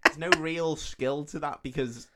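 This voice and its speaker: A man's voice: a little high, fairly even intonation, measured pace, noisy background. A young man co-hosting a film podcast, agreeing constantly with "yeah" and adding blunt, sweary remarks. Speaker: podcast co-host. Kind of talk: casual film review chat.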